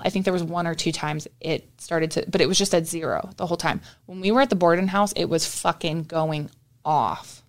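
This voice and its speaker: A young woman co-hosting a podcast, telling a story in casual chat with lots of swearing. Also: on the low side. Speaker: podcast co-host.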